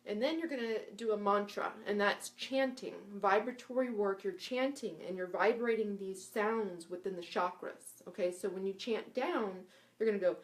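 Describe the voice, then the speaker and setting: In a relaxed live session, a woman guides listeners through spiritual breathing practices in a loose, talkative style, repeatedly asking "right?" or "okay?" as she demonstrates breathy sounds and chants. Her mid-range voice keeps a moderate pace with hardly any pauses.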